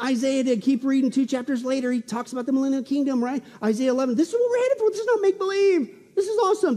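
A male preacher with a strikingly high voice, preaching with excitable energy and quick jokes. He keeps tossing rhetorical questions at his listeners. His voice rings out with a long reverb, as in a large hall. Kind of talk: sermon on prophecy.

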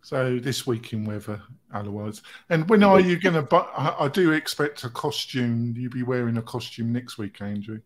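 A man's voice: medium pitch, expressive, moderate pace, few pauses. A man hosting a round-table podcast over a video call, jovial, laughing often and stumbling over fillers. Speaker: host.

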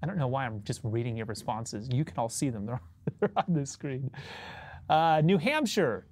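A man hosting a bass-playing livestream from a recording studio, talking casually with viewers in a laid-back, rambling way and chuckling often. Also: expressive, normal speed.

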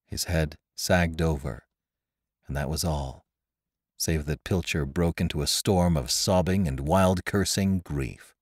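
A man narrating an adventure story in a dramatic, expressive reading. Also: a bass voice, slow pace, no room sound, studio quality. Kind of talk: audiobook narration.

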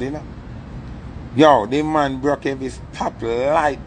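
A young man with a Jamaican accent telling a story in a casual, animated way and acting out the voices in it. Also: mid-range voice, slow, slight background noise. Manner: animated, acts out the story's voices, patois-heavy.

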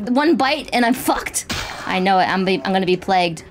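A woman's voice: mid-range voice, lively intonation, brisk, over music. A woman commenting casually while playing a game, swearing and squealing when startled. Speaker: gaming streamer. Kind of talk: casual let's-play commentary.

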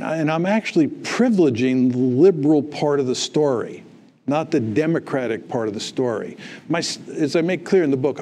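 A man's voice: medium pitch, warm tone. A man, the author of a book, answering audience questions in a public talk, lecturing emphatically and tagging his points with "right?" and "okay?".

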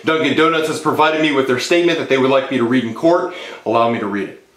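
A man voicing a polite, formal corporate lawyer with a deadpan delivery. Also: medium pitch, fast, reverberant, lightly acted.

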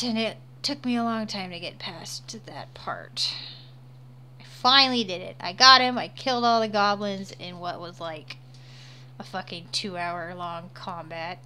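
A woman's voice: mid-range voice, sharp tone. A woman streaming as she draws, chatting casually, laughing often and swearing freely. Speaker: livestreamer. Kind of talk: casual livestream chat while drawing.

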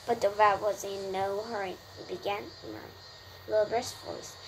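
A woman's voice: mid-range voice, fairly even intonation, normal speed, a little hiss or hum, rough recording. A woman with a Korean first language reading a storybook aloud in English, carefully and with small restarts. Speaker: reader.

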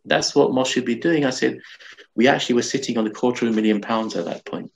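A man's voice: medium pitch, quick pace, vocal fry, slight background noise, low-quality recording. A man, an imam guest talking earnestly in a conversational interview, often restarting his words.

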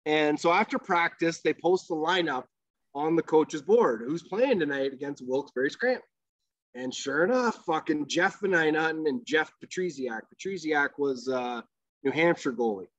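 A man with a slightly higher voice tells a long, rambling hockey story as a podcast guest. He swears casually and fills his sentences with "like" and "you know." The recording is dry and somewhat muffled, like lo-fi podcast audio. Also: no room sound. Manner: profane, rambling storyteller with many fillers.

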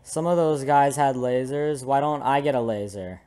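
A man's voice: medium pitch, moderate pace, dark tone. A young man doing comedic commentary over a video game, goofy and jokey with sudden dramatic outbursts. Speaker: gameplay commentator. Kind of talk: comedic let's play commentary.

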